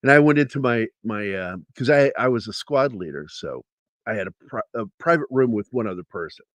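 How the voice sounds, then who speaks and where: During a livestream interview, a comic book artist casually tells an anecdote, swearing and restarting as he goes. His medium-pitched voice is expressive and a little fast, with no room sound.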